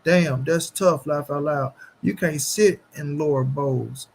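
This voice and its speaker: A man hosting a boxing channel, ranting casually to the camera with profanity and mocking, repetitive jeers, swinging between loud bursts and mutters. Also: on the high side, vocal fry, slight background noise. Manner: animated, shifting quickly between loud and muttered. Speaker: boxing commentary channel host.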